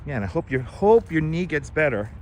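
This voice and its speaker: A middle-aged man chats casually on a live stream while riding a bike through a city park, reading out and thanking viewers. His voice is a little high, sing-song and darkish, and he talks fairly quickly. His wireless lapel mic picks up a little hiss or hum.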